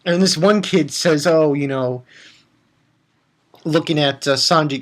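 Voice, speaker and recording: Man, anime episode review, rambling, excitable, jumps to high squeaky bits. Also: normal speed.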